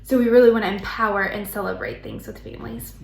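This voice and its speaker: A woman's voice: mid-range voice, big pitch swings, fast talker, gravelly, slight background noise. A woman who works as an early intervention provider, giving an earnest explanatory presentation. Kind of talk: presentation talk. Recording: roomy echo.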